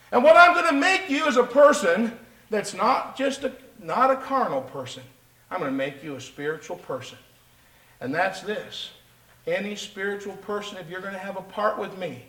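A man preaching a sermon to his congregation. He speaks emphatically, rises high when he voices Peter, drops low and soft for Jesus, and asks his listeners rhetorical questions. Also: reverberant, rough recording.

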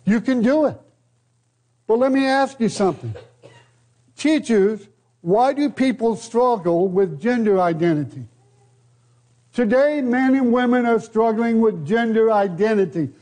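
Older American preacher, high and mellow. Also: male voice, animated. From United States. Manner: deliberate preaching with rhetorical questions and repeated phrases. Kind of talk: sermon.

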